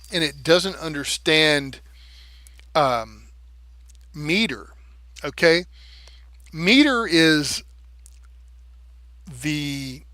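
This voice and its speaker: Bright-voiced man ranting on a livestream. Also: on the high side, no echo. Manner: animated, profane, explains with rhythm syllables. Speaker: live streamer. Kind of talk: casual livestream monologue.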